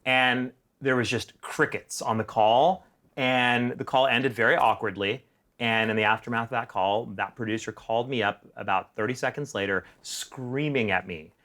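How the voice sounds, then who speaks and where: A middle-aged male screenwriter telling a story in a casual, animated way, acting out the other people. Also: mid-range voice, moderate pace. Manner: animated, acts out voices. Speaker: screenwriter, guest.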